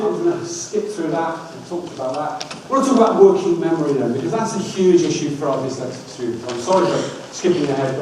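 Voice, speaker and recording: Energetic man speaking in an echoey hall. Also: fairly high pitch, far from the mic. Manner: energetic, coaxing the audience, wry asides. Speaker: dyslexia trainer giving a talk. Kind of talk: lively public talk with audience activities. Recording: echoey hall, speaker off-mic, faint room hum.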